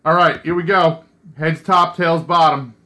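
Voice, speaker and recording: A man hosting a casual chat, joking and cursing freely as he steers things along. His voice sits a touch high for a man. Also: fairly even intonation, a little slow, bright, forceful tone. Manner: joking, swears freely, runs the segment. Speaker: podcast host.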